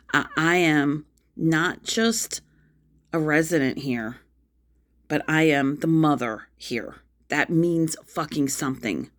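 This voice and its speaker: A middle-aged woman venting angrily on a phone livestream, repeating herself as she pours out her hurt and frustration. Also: deep voice. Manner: upset, angry, repetitive outbursts. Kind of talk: emotional venting vlog.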